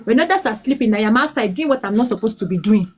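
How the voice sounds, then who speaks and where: A Nigerian woman in her late thirties with a high, bright-pitched voice tells her hard life story, slipping between English and Pidgin. She pleads and restarts often, her words tumbling out with feeling. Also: animated, fast talker, a little hiss or hum. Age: 30s. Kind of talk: emotional personal testimony.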